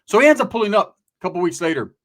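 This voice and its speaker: A man's voice: sits high, sing-song, rapid-fire. A man from California telling a profane, slangy comedy story, laughing and doing voices.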